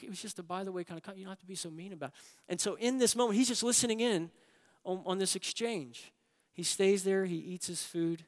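Male pastor, sermon, higher-pitched voice, storytelling, long hall reverb. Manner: storytelling, swings from hushed to emphatic.

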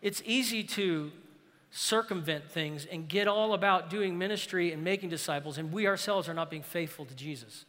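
A high, bright-voiced man preaching a sermon, earnest and emphatic, pressing the congregation with rhetorical questions. His voice rings out through a hall with a long reverb trailing behind each phrase. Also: moderate pace. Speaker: pastor.

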